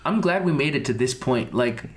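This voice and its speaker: A young man co-hosting a casual podcast, joking quickly and giggling as he teases his friends. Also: mid-range voice, animated. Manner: teasing, quick jokes, giggly. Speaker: podcast co-host.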